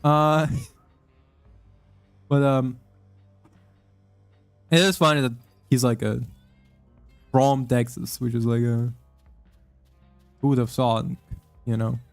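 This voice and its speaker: A man's voice: mid-range voice, fairly even intonation, takes it slowly, gravelly, pauses often, dry recording. A young man talking casually while he plays a game, rambling with lots of swearing, fillers and restarts. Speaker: gamer commenting while playing. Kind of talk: casual gaming commentary. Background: faint game music.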